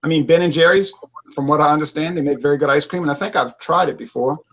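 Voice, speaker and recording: A man with a slightly higher voice talks through a loose, casual debate about beer reviews. He rambles and stops to restart his points. His speech is full of hypotheticals. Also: fast talker, creaky, fairly bright tone, rough recording. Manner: rambling, hypothetical, self-interrupting. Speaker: beer reviewer and show host.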